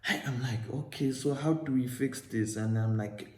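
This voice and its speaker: A man's voice: medium pitch, normal speed, roomy sound, background noise. A young man with a South African accent, casually telling a storytime and acting out both sides of the conversation. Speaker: vlogger.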